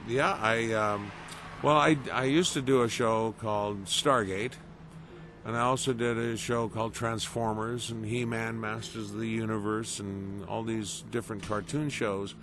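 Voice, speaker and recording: A middle-aged man giving a casual interview as a voice actor, animated and storytelling, acting out quoted reactions. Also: on the low side, measured pace. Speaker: voice actor guest. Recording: noisy background.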